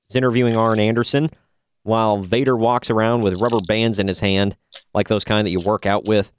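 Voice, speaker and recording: A man's voice: on the low side, little pitch movement, a little fast, clear, resonant tone, no room sound, clean studio sound. A man hosting a casual podcast, recapping wrestling matches with jokey, sarcastic asides. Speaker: podcast host reviewing wrestling. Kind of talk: casual review chat.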